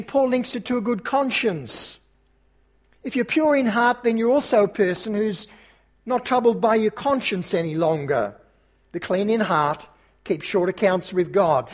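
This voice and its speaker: A man preaching a sermon to his congregation, then leading a prayer, in an earnest, emphatic way. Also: sits high. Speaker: pastor.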